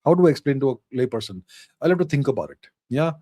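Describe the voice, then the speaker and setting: A man's voice: mid-range voice, expressive, quick pace, warm tone, no room sound, studio quality. A middle-aged man hosting a casual live Q&A, answering viewer questions in an emphatic, lecturing way and repeating phrases for stress.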